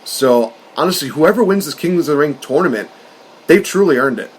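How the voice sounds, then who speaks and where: A man co-hosting a podcast, talking in an excitable, rambling way and laughing often. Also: a little high, a little fast, slightly rough. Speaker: podcast co-host. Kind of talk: casual wrestling chat.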